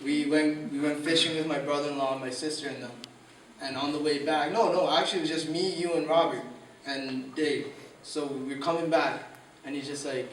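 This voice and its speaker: A man's voice: a little high, steady tone, fast talker, fairly bright tone, a little hiss or hum. A young man telling a casual anecdote among friends, laughing often and acting out quotes with slang. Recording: echoey room, distant mic, crowd chatter.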